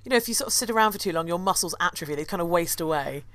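A woman's voice: lowish voice, expressive, racing, very noisy. A woman who hosts a podcast and leads tours, chatting casually and laughing often. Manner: chatty, giggly, cackling. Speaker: podcast host and tour guide.

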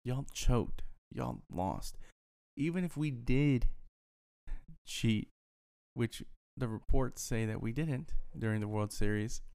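An upset sports fan with a medium-pitched, gravelly, slightly mellow voice and a clean tone launches into a casual rant. He gets heated, swears freely and keeps repeating himself.

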